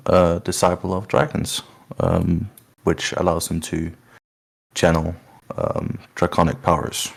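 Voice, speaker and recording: A young man introducing his character in a tabletop game, halting and full of fillers. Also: sits low, gravelly. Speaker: player. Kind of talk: casual chat.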